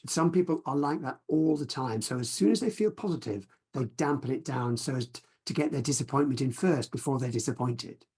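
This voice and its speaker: Gentle mellow-voiced male mindfulness teacher. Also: a little high, breathy edge. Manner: gentle, reflective, unhurried. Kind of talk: teaching talk with guided practice. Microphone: video call.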